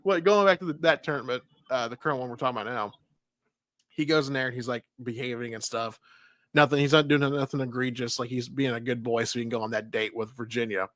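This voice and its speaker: A man co-hosting a casual movie review podcast retells a film's plot in a rambling way, full of fillers. His mid-range voice is fairly bright and quick, recorded in clean studio sound with no echo.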